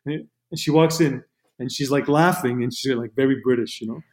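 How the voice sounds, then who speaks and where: A man's voice: mid-range voice, normal speed. Rambling man telling a set story. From Montreal, Canada. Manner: rambling, many restarts and "you know". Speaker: guest, camera operator. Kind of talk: casual interview storytelling.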